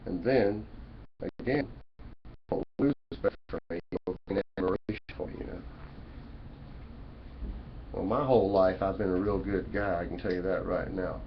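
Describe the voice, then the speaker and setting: A man with a fairly low voice rambles through a preachy, folksy monologue to his webcam. The audio is dull and lo-fi, with faint room noise behind him. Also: steady tone, moderate pace, long pauses. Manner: folksy, preachy, repeats "you know" and "man". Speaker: vlogger. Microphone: webcam mic.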